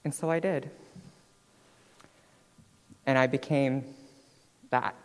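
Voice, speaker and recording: A woman in her twenties, a guest speaker telling her own story on stage in a chatty, animated way, often checking in with "right?". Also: very deep voice, slow. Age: 20s. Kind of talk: personal storytelling talk. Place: stage in a hall. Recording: long hall reverb.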